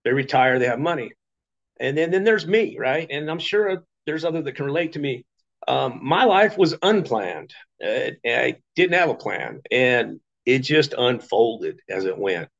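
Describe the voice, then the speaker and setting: A man's voice: mid-range voice, expressive, measured pace, vocal fry, a bit bright. A middle-aged man telling his personal story in a chatty way, full of fillers and asides. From Las Vegas, Nevada. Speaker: business testimonial speaker. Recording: dull lo-fi recording.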